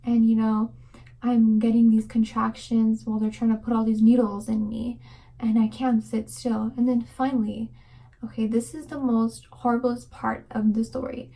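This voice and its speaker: Young woman vlogger, mellow higher voice, chatty and rambling, slips into whispers. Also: flat delivery, gravelly, poor audio. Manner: fast rambling with many fillers, drops to whispers. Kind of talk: casual storytelling to camera.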